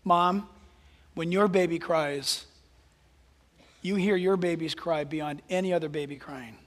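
Male pastor, high bright voice, animated sermon, long hall reverb. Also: measured pace. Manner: animated, swings from hushed asides to loud exclamations.

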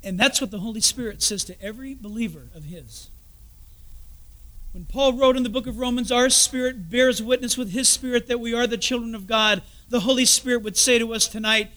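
Male pastor preaching, really high voice, storytelling with quiet asides. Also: fairly quick. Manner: storytelling preacher, drops to soft confiding asides. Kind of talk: sermon.

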